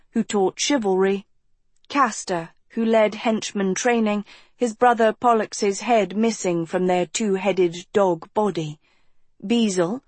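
A woman reading a fantasy novel aloud as audiobook narrator, measured and clear. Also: medium pitch, a little mellow, no echo.

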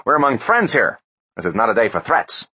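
Guy doing a loud american tycoon, middle-aged, cocky, pitched up, husky. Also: wildly swooping pitch, a little fast, full character voice. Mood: brash. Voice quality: loud and brash.

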